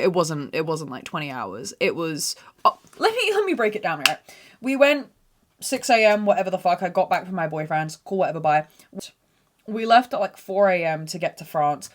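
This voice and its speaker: A young woman in her twenties hosting a podcast, telling stories in a blunt, sweary, dramatic way. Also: fairly low pitch. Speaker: podcast host. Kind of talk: casual storytelling monologue.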